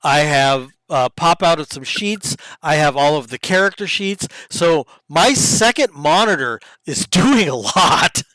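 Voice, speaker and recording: A man's voice: a little high, lively intonation, measured pace, few pauses, sharp tone, no room sound, poor audio. A man acting as game master of an online tabletop game, laid-back and chatty, on a desk mic.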